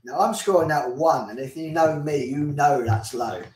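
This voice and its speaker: A man's voice: a little high, moderate pace, darkish tone, reverberant, far from the mic. A man from the UK chatting loosely and swearing through a beer tasting as co-host. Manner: laid-back, swearing, laughs easily. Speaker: podcast co-host. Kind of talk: casual beer-tasting chat.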